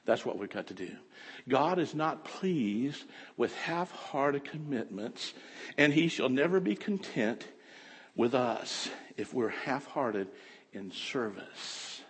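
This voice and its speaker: Fervent preacher. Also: male voice, medium pitch, sing-song, takes it slowly, breathy edge. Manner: fervent, swings from quiet to shouting. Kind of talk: sermon. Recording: echoey hall.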